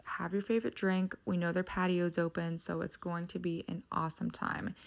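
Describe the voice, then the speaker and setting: Upbeat gravelly-voiced woman presenter. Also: lowish voice, darkish tone. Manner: peppy, promotional. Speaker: events segment presenter. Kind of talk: upbeat scripted event rundown.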